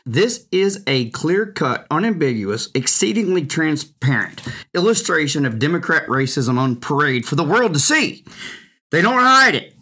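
A man delivers a political opinion monologue in an indignant, emphatic way. His voice sits a bit high, bright and forceful. He swings his pitch widely to drive each point home. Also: big pitch swings, moderate pace, husky. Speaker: political commentator.

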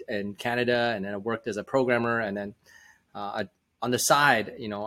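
A startup founder on a podcast. He tells his story casually, using many fillers and restarts. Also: lowish voice. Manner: relaxed, with frequent fillers and restarts.

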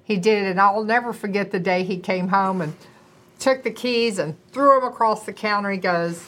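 A woman's voice: mid-range voice, normal speed, a bit bright. A middle-aged woman co-hosting a casual talk and speaking earnestly and emphatically to viewers. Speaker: co-host, doctor's wife. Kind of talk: casual conversational chat.

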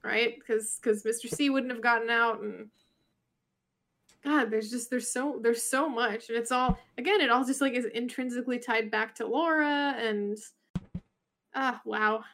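A woman's voice: on the high side, steady tone, measured pace, fairly bright tone, slight background noise. A woman co-hosting a casual podcast chat, rambling and thinking aloud with many restarts. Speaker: podcast co-host.

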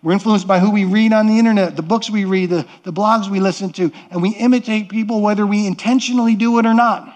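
A man's voice: high voice, fairly even intonation, fast talker, hardly any pauses, a little mellow. A middle-aged man preaching a sermon as pastor, earnest and conversational, often repeating and restarting words.

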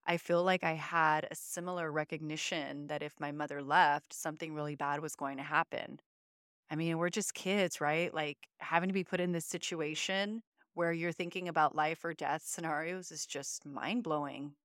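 Earnest low-voiced woman co-host. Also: fairly even intonation, normal speed, a bit bright, clean tone, dry recording, clean studio sound. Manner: earnest, emotional, uses many fillers. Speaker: podcast co-host. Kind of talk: reflective conversational storytelling.

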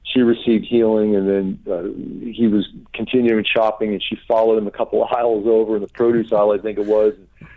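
A middle-aged man, a pastor, telling healing stories in an interview and acting out the people he quotes. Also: fairly quick. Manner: animated storyteller, acts out quotes with high pitch jumps. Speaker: pastor and author, guest. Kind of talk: conversational interview, storytelling. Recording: tinny phone-line audio.

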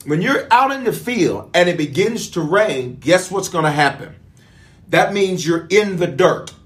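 Lively, high-pitched preaching man. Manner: call-and-response preaching, repeats lines for emphasis. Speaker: bishop, preacher. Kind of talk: livestreamed sermon.

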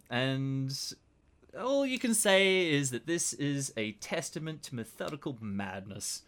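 Male game master, bright, unhurried scene-setting narration. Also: mid-range voice. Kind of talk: narrating a tabletop horror game.

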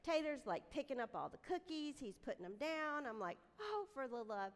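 A middle-aged woman, giving an animated, self-deprecating devotional talk to a room of moms. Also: sits high, moderate pace, hardly any pauses. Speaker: speaker at a women's gathering. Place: room with a live audience. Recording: long hall reverb.

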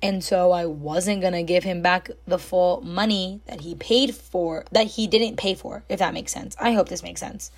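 A young woman telling a story in a casual, chatty way, full of fillers and animated when she quotes people. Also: on the low side, moderate pace, hardly any pauses. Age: young adult. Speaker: storytime host.

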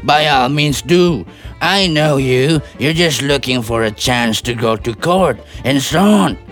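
A man's voice: mid-range voice, a little slow, fairly bright tone, faint music behind, close to an everyday voice. A man playing a blustering, stubborn older landowner who stammers and keeps trailing off with "and so on". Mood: indignant. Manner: stammering, repeats "and so on". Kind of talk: amateur stage play reading.

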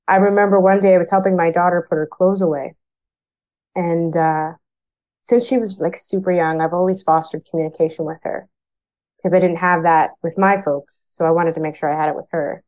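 Plain-spoken woman firefighter from Canada, lower voice, candid interview guest on a dull lo-fi recording. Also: steady tone, fairly quick, a little mellow. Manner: frank, plain-spoken, acts out remembered dialogue. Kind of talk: candid personal storytelling.

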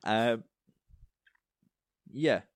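A man co-hosting a casual podcast chat, rambling with lots of fillers and going a little hoarse. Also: mid-range voice, extremely slow, no room sound. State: losing his voice, coughing. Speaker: podcast co-host.

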